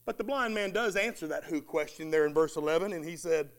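A man's voice: on the high side, fairly quick. A man preaching a sermon with emphatic, repeating phrases, acting out the words of the townsfolk.

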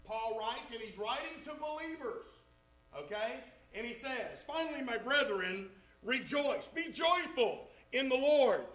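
A man's voice: extremely high pitch, lively intonation, fairly bright tone, poor audio. A man preaching a sermon to a congregation, leaning hard on key words. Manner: emphatic, drawn-out stresses on key words.

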